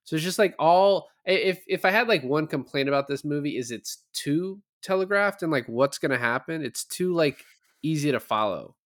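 A man's voice: a little high, lively intonation, moderate pace, dry recording. Dry-sounding man recapping a movie. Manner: laughing, retells scenes with quoted lines. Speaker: podcast co-host. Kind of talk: casual movie review chat.

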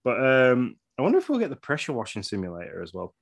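A man's voice: mid-range voice, huge pitch swings, fast, creaky, slightly rough. A man joking around with a co-host in a casual gaming podcast, laughing often.

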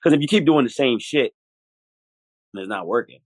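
A man, a hip hop artist guest in a casual interview, talking in an animated, profane way and acting out quoted voices. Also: mid-range voice, moderate pace, dry recording, poor audio. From United States, Buffalo, New York. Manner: animated and profane, acts out quoted voices, often says "you know what I mean".

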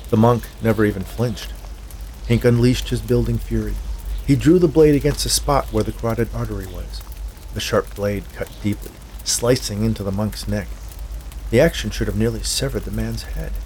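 A man narrating a scripted horror story in a measured way. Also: lowish voice, a little mellow, slight background noise.

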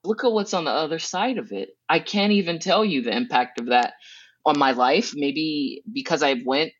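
A woman from Southern California, a guest in an interview, telling stories in a casual way. She acts out her own past thoughts with big jumps in pitch, swears lightly and laughs between thoughts. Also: normal speed, breathy edge. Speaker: guest, educational consultant. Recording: dull, dry sound.

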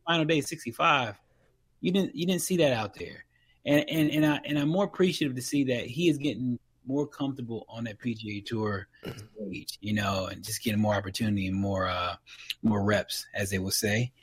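A man's voice: mid-range voice, slightly rough. A man co-hosting a podcast in casual chat, talking with many restarts and laughs. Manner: halting, lots of restarts and laughs. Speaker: podcast co-host.

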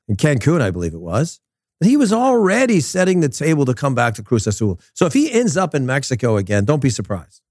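A man delivers a casual, blunt monologue on soccer, ranting with frank, swearing asides. His voice sits at an ordinary middle pitch and is recorded close and dry. He talks into a phone or handheld camera while walking outdoors. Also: darkish tone, dry recording. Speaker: soccer commentator. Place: outdoors walking in Las Vegas.

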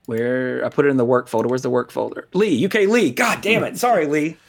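A man hosting a podcast in casual chat, rambling and animated, swearing freely. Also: medium pitch, fairly quick, creaky. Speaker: podcast host.

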